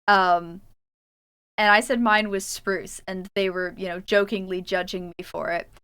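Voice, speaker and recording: A woman's voice: medium pitch, fairly even intonation, measured pace, fairly bright tone, clean tone. A woman with a Canadian accent, chatting casually and laughing easily while streaming a game. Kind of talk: casual chat while gaming.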